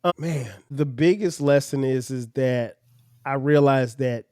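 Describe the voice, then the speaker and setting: A middle-aged podcast host speaks with a mellow, clear, resonant mid-range voice at a measured pace, recorded dry with clean studio sound. In a reflective talk with his children about parenting, the father explains at length, often starting sentences over.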